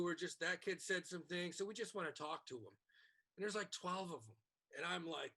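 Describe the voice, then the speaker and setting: Husky high-voiced man telling stories. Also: a little fast. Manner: animated storyteller acting out quoted people. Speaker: podcast co-host and comedian. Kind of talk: casual storytelling.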